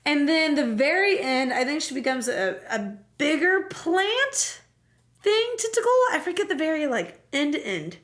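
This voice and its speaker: A young woman with a high, bright voice rattles through a game recap with lively, profane humor. She talks casually, like a streamer chatting with her viewers. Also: normal speed. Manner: animated, profane, jokey storytelling.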